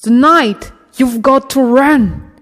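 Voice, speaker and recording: A desperate old priest rattling in his cage, pitched up and pushed loud as he pleads, as a woman reads him aloud. The voice rings out in a room with a long, hanging reverb. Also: fairly even intonation, slow pace, clear, resonant tone. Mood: frantic. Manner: raised, strained pleading. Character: desperate old male priest caged on a gibbet.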